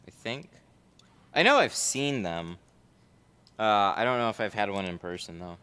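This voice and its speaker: A man's voice: on the low side, lively intonation, moderate pace, bright, forceful tone, clean tone, long reverb tail. A man working as a window tinter, chatting casually on a livestream while he works and answers viewer chat. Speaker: window tinter streaming live. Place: car tint shop.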